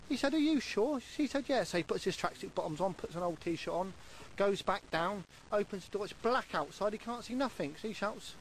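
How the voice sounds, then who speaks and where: A man's voice: high voice, sing-song, a little fast, slight background noise, poor audio. A man with a Scottish accent telling jokes on a radio phone-in, cheerfully laughing at his own punchlines. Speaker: joke-telling caller.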